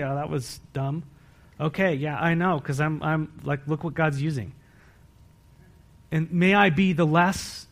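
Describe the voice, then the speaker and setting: A man giving a sermon as pastor, earnest and emphatic, with repeated phrases and rhetorical questions to the congregation. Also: on the high side.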